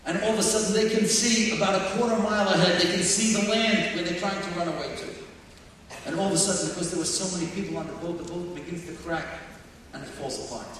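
High-voiced guy preaching, emphatic, shouts at the big parts, super echoey hall, mic far away. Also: steady tone, fast, slight background noise. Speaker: guest speaker. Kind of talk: sermon.

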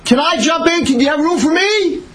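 A man voicing a boastful, spoiled young man who gloats loudly. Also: expressive, fairly quick, a little hiss or hum, close to an everyday voice. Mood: pleading. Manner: shrill, loud and crowing.

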